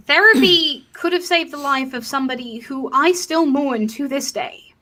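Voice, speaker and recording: A woman's voice: high voice, expressive, normal speed, bright, forceful tone. A woman co-hosting a casual livestream Q&A, blunt and heated, swearing freely, with a non-American English accent. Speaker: co-host of a Q&A stream.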